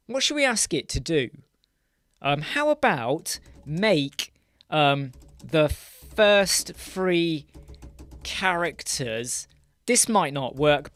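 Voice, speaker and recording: A man's voice: on the high side, fairly bright tone, no room sound, studio quality. A man hosting a live web design Q&A, chatting casually, greeting viewers by name mid-sentence and thinking aloud while he demos on screen. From United Kingdom.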